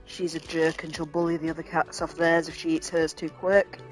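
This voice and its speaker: A woman's voice: low voice, level tone, a little fast, faint music behind, poor audio. A woman hosting a let's play, chatting casually and swearing now and then. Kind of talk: casual gameplay commentary.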